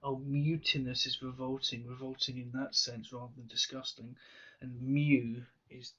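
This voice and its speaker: A man solving a crossword aloud, musing slowly with half-whispered asides. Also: mid-range voice, little pitch movement, sharp tone, recorded from a distance. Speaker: crossword solver. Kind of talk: thinking aloud while solving. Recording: slightly dull lo-fi sound.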